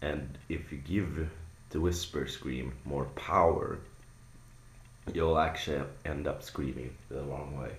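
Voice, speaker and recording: Very deep gravelly young man, rambling slowly. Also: reverberant. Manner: rambling, filler-heavy explanation. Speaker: vocal tutorial maker. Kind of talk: casual spoken tutorial.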